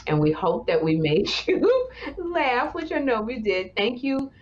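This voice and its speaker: A woman's voice: on the high side, big pitch swings, measured pace, highs cut off. A woman co-hosting a podcast, chatting playfully and laughing often. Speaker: podcast co-host. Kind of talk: casual chat.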